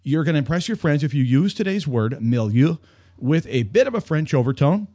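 Animated man hosting talk radio. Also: on the high side, brisk, no echo, studio quality. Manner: playful, self-mocking banter. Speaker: radio show host.

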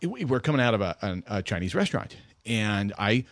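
A man's voice: lowish voice, sing-song, fairly quick, no room sound. A man hosting a casual radio talk show, rambling and self-mocking as he chats from a studio mic.

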